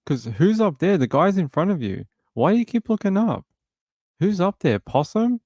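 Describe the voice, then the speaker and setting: A man's voice: high voice, very animated, moderate pace, darkish tone, no echo, studio quality. A man hosting a true crime stream, mocking a news clip with sarcastic rhetorical questions. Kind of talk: live commentary on a news clip.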